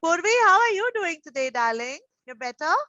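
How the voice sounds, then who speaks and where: A woman teaching young children over a video call, gentle and encouraging, full of endearments. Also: very high voice, big pitch swings, fairly quick, no echo. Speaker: preschool teacher. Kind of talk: online class with young children. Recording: dull, dry video call audio.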